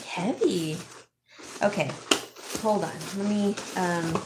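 Middle-aged woman vlog host, unhurried and gushing, in a roomy echoey room with faint noise. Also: medium pitch. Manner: chatty, gushing, reads viewer names aloud. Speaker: vlog host, home stager. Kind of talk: casual live-chat haul vlog.

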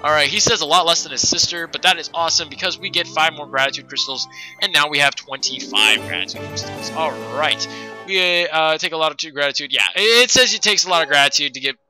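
Rambling, bright-voiced game commentator. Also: male voice, fairly high pitch, quick pace, soft background music, rough recording. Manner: rambling, self-correcting, chatty. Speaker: let's play host. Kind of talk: casual gameplay commentary.

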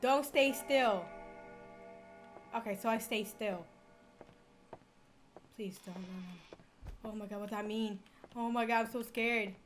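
A woman's voice: mid-range voice, level tone, measured pace, long pauses, soft background music. A young woman playing a horror game, talking to viewers and gasping and yelping when startled. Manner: jumpy, gasps and yelps when scared. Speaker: gamer streamer.

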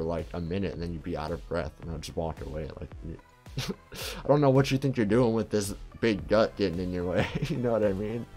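A man's voice: lowish voice, lively intonation, a little fast, darkish tone, soft background music. An American man hosting a reaction video, talking in a laid-back, rambling way with lots of fillers. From United States. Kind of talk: casual reaction commentary.

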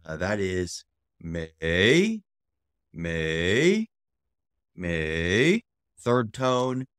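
A man teaching a beginner language lesson, patient and steady, who repeats syllables slowly and loudly to model each tone. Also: deep voice, dry recording, studio quality.

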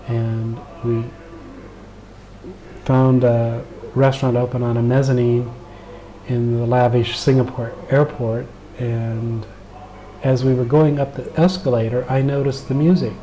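A man's voice: medium pitch, slight background noise, low-quality recording. A middle-aged American man with a Southern accent, earnestly telling a personal story in an interview and acting out the dialogue. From United States. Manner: earnest, animated retelling with quoted dialogue. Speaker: interview guest.

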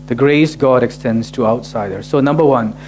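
A man's voice: mid-range voice, moderate pace, darkish tone, soft background music. A man preaching a sermon as pastor, restating each point and checking in with listeners by asking "right?". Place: church in Tokyo.

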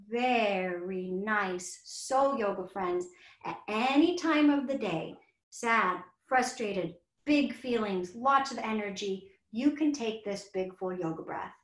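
A woman's voice: on the high side, fairly bright tone. Soothing woman yoga teacher in an echoey room. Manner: soothing, encouraging, speaks to children and teachers. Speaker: children's yoga instructor. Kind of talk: guided yoga instruction in a webinar. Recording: roomy echo.

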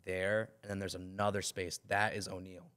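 A high school senior boy co-hosting a student podcast, chatting casually and repeating his points for emphasis. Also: little pitch movement, normal speed, a bit bright. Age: teens. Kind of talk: casual chat.

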